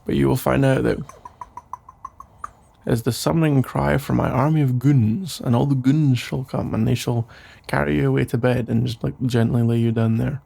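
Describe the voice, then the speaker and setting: Brief: gravelly, husky rambling boyfriend, played by a man, soft sleepy whispered role-play. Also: medium pitch, fairly even intonation, moderate pace. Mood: teasing. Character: caring, rambling boyfriend putting partner to bed. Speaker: ASMR role-play creator.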